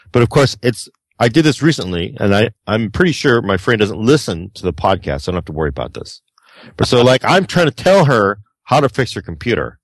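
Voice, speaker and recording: A man co-hosting a podcast, telling his stories with a lively, swooping voice. He slips into impressions of the people in them and swears without holding back. The sound is dry and close, with no room echo. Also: lowish voice, a little fast. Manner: animated storyteller, acts out quoted people, swears freely. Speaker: podcast co-host. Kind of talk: casual podcast banter.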